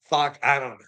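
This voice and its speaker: A man's voice: mid-range voice, bright, forceful tone. A man vlogging in a casual, rambling, profane rant, laughing often between his lines.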